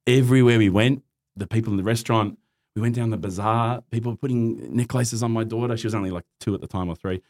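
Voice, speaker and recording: A man's voice: on the low side, fast. A middle-aged man with an Australian accent, telling a personal story in casual chat as a podcast guest, acting out the voices in it. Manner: animated, acts out quoted voices, laughs often.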